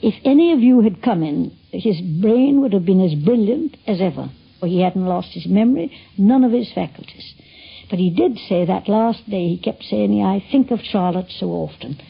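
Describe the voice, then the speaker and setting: Older woman, gravelly rasp, chatty recollection; dull 1950s broadcast sound. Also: medium pitch, expressive, normal speed. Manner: gravelly, husky, chatty with asides. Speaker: interviewee reminiscing. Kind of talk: spoken recollection. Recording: lo-fi 1950s radio recording.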